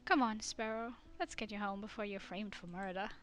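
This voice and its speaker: Girl reading as a cocky smug guy, dry teasing, bright voice. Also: mid-range voice, brisk, natural voice.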